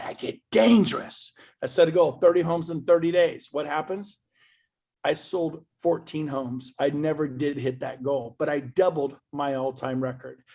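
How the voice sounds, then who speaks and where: A man speaking to an event audience as a motivational speaker, emphatic and swinging from loud bursts to quiet asides. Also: on the high side, creaky, slightly rough.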